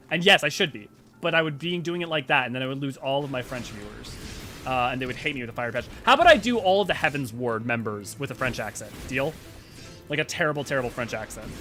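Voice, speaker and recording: A man's voice: on the high side, fairly quick, soft background music. A man streaming a game, rambling and joking casually while he plays and chats. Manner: animated, rambling, jokey. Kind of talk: casual let's-play commentary.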